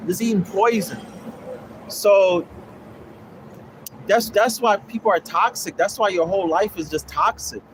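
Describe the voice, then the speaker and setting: Answering viewers in a casual livestream, a young man who sells a land investing course preaches bluntly, swears and circles back to the same points. His voice is a little high, and there's slight noise in the background.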